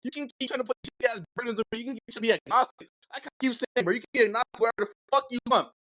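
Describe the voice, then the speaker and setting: A man's voice: very high-pitched, very fast, pushed and bright, a little hiss or hum. A young man in a heated online voice-chat debate, ranting aggressively and hurling insults at his opponent over a dull, lo-fi line.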